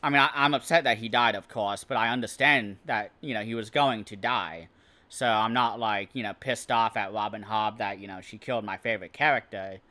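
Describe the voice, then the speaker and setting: A man's voice: fairly low pitch, a little fast, pushed and bright. A man giving a casual, rambling spoken book review, often hesitating and restarting his sentences. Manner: hesitant, rambling, many restarts and "I don't know".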